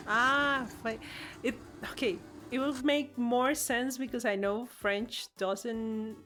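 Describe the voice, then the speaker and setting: Slow-talking playful woman. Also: on the high side, a bit bright. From Latin America. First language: Spanish. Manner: playful, giggly, reads chat aloud. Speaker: streamer. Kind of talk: casual live-stream chat.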